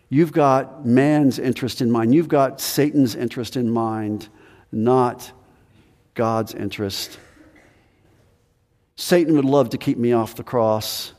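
Male pastor, conversational sermon, emphatic pitch swings, long hall reverb. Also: darkish tone. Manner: conversational preaching, pitch rises and drops for emphasis.

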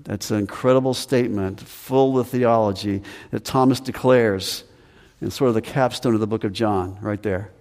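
A man's voice: lowish voice, steady tone, moderate pace, darkish tone. Man preaching in a reverberant hall. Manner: acts out Thomas's lines with raised voice. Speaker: pastor. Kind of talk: sermon.

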